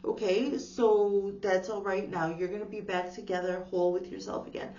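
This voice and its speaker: A woman giving a casual, gentle tarot reading, reassuring her viewers and filling her talk with "like". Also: medium pitch, steady tone, normal speed, vocal fry, hardly any pauses. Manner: gentle, reassuring, uses lots of "like". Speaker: tarot reader. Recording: echoey room, distant dull mic, faint hum.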